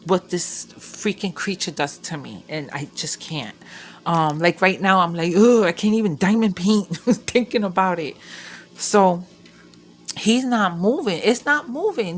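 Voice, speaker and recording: A woman's voice: on the low side, a bit bright. A woman vlogger chatting casually while crafting, rambling and swearing freely as she tells a story.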